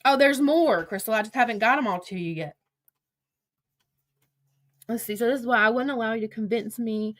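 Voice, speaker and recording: A woman's voice: a little high, moderate pace, long pauses. A middle-aged woman hosting a livestream, ranting in a combative, profane way and talking straight to her chat and her critics. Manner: talks to chat and absent critics directly. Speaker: livestream host. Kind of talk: heated livestream rant.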